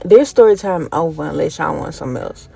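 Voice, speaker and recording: A woman's voice: sits low, lively intonation, a little fast, vocal fry, dark tone, slightly rough, dry recording. A woman telling a story time, animatedly retelling events and acting out the voices of the people in it.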